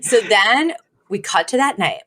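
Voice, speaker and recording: Woman on a podcast, chatty and giggly, regular pitch, acts out the lines. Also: animated, unhurried, a bit bright, a little hiss or hum. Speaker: podcast co-host recapping a sitcom episode. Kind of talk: casual chat.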